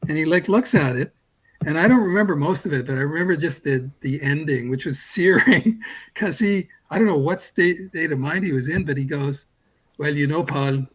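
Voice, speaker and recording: A Canadian man in his sixties, a guest comics artist, tells a long, rambling anecdote in casual chat. His voice is fairly high, brisk and husky, and he's self-deprecating, with plenty of restarts. The recording is low quality.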